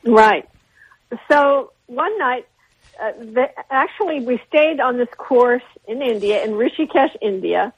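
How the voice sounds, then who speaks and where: An older woman recounts her memories at length, circling back and restarting her sentences. Her voice is somewhat high and a little husky. It comes through a narrow, tinny phone line on a radio broadcast. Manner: rambling, with frequent restarts and laughter. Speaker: interview guest, artist. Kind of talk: anecdotal storytelling in an interview.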